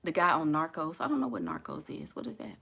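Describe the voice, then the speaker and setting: Casting: bright, forceful young woman with a Houston drawl, blunt and laughing as she riffs on viewer comments. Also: fairly low pitch, sing-song, fast, vocal fry, husky. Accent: Southern US (Houston). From Houston, Texas. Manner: blunt, laughing, talks back to chat. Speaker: vlogger reading live comments. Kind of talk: casual chat.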